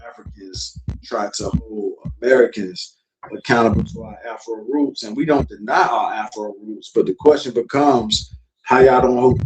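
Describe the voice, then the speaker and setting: Show host, male, from South Florida, blunt and profane, mid-pitched voice, echoey room with faint noise. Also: a little mellow. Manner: blunt, profane, lecturing to chat. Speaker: podcast host. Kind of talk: casual livestream discussion.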